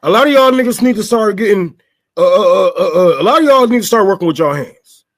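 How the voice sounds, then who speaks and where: High-pitched guy ranting, cussing a lot, lots of questions and stammering. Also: expressive, brisk. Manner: profane, stammering, rhetorical questions. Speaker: show host. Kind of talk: unscripted political rant.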